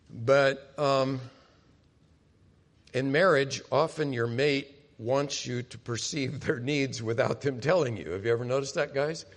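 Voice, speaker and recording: A man's voice: medium pitch, a bit bright. Conversational male pastor in reverberant hall. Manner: conversational, addresses the congregation directly. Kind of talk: sermon.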